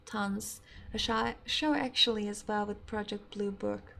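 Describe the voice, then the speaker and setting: A woman's voice: mid-range voice, steady tone, a little slow, creaky, sharp tone, slight background noise. A young woman whose first language is not English, chatting casually and swearing freely as a game streamer. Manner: chatty, swears often, laughs easily. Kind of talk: casual live-stream chat.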